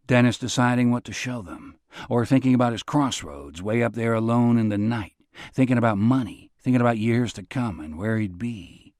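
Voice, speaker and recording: A man's voice: medium pitch, moderate pace, darkish tone, no room sound, clean studio sound. A man narrating an audiobook in a laid-back, understated way. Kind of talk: scripted narration.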